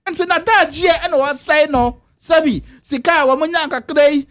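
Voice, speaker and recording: A man's voice: very high-pitched, normal speed, a bit bright. A man giving emphatic political commentary on a radio talk show, mixing Twi and English.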